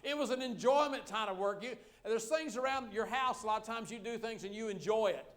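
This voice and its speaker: A man's voice: high-pitched, fairly quick, a bit bright. A middle-aged man preaching a sermon as pastor, folksy and joking with the congregation.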